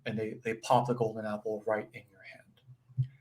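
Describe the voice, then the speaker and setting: Man, spiritual teacher, informal talk with plenty of fillers and quick check-ins. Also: lowish voice, completely flat delivery, a little mellow. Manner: conversational, full of fillers and "right?" check-ins; acts out brief quoted voices with chuckles. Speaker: spiritual teacher leading a session.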